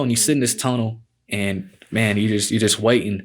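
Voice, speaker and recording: A man's voice: fairly low pitch, steady tone, normal speed. A man in his twenties, a podcast guest telling stories casually, laid-back and profane, dropping "man" into nearly every sentence. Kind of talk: casual storytelling.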